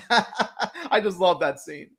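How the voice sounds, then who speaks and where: A man co-hosting a fan stream, reviewing cartoon episodes in casual chat, excitable and full of fillers and restarts. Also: sits high, takes it slowly, husky. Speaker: fan show co-host.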